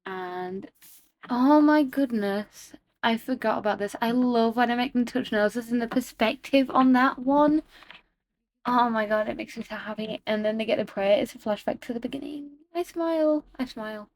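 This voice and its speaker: A woman chatting excitedly in a casual voiceover about her own animation, self-deprecating and talking straight to her viewers. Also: on the high side, moderate pace. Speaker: animator narrating her work. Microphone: home voiceover mic.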